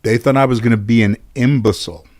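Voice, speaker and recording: A middle-aged man from the Los Angeles area telling stories as a guest in an interview, animated and profane, laughing at his own tales. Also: medium pitch, fast talker. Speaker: guest comedian. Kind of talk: casual storytelling in interview.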